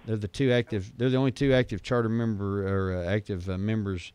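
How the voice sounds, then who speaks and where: Low-ish guy rambling on a call-in radio show, telling stories. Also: steady tone, a little fast, a little mellow, clear, resonant tone. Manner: rambling storyteller, joking. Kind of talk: casual call-in radio chat. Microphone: studio microphone.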